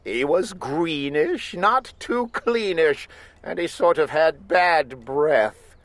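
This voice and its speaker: A woman reading a rhyming children's storybook aloud in an animated, playful manner. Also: sits low, slow, no echo.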